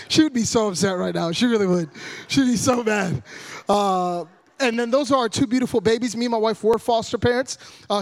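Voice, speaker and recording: Loud high-voiced preacher man. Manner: loud and animated, joking with the congregation. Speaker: guest preacher. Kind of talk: humorous sermon.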